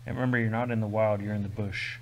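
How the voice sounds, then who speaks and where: Quipping American co-host, faint hiss. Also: male voice, lowish voice, flat delivery, quick pace. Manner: dry quips and pop-culture jokes. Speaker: podcast co-host. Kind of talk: casual comedic podcast chat.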